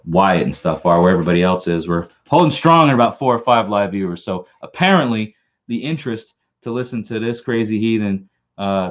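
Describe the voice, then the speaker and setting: Man, very low voice, relaxed rambling live-stream talk, slightly tipsy, dull lo-fi audio. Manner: rambling and laid-back, many fillers. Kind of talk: casual live stream chat.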